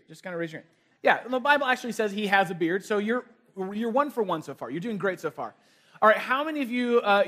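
A man's voice: sits high, a bit bright. A man preaching a sermon as a pastor, talking with the congregation in a conversational, playful way and asking them questions.

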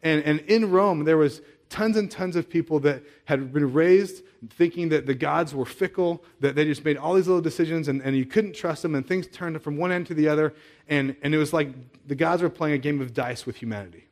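A man's voice: fairly high pitch, brisk, a little mellow. A man preaching a sermon as a pastor, talking in a conversational way, asking many rhetorical questions and often repeating words as he restarts.

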